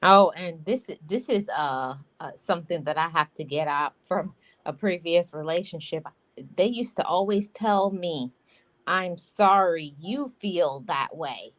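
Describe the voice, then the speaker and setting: A woman guest on a casual livestream talk show, telling a personal story in a relaxed, wry way. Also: fairly low pitch, normal speed.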